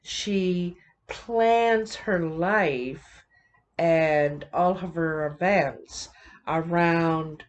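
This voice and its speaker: A woman giving a casual tarot reading, thinking aloud in a halting, musing way with many fillers. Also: fairly low pitch, muffled recording. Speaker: tarot reader.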